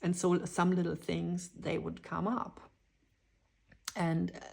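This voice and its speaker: A woman giving a dreamy, spontaneous channeled tarot reading, drifting into whispers and excited exclamations. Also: lowish voice, slow pace, gravelly, husky. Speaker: tarot reader.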